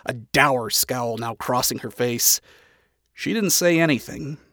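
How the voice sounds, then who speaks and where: A man reading a story aloud as narrator, in an even, dryly expressive manner. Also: medium pitch, dry recording, clean studio sound.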